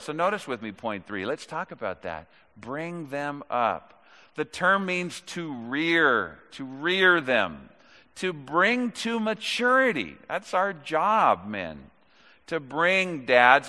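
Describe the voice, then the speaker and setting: Middle aged guy preaching, slow and deliberate, bright forceful voice, echoey church. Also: mid-range voice. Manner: earnest, emphatic, repeats for stress, swings from loud to hushed. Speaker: pastor. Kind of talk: sermon. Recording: reverberant hall.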